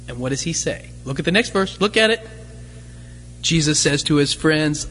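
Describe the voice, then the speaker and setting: A man's voice: on the high side, animated, normal speed, a bit bright. A man preaching a sermon as pastor, conversational, full of rhetorical questions and light humorous asides. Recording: long hall reverb.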